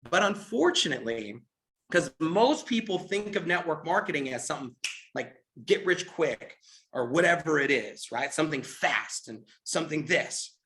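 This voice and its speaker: A man leading a live business training, telling an animated story and checking in with listeners. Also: a little high, normal speed. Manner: animated storytelling, keeps asking "right?". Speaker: network marketing trainer.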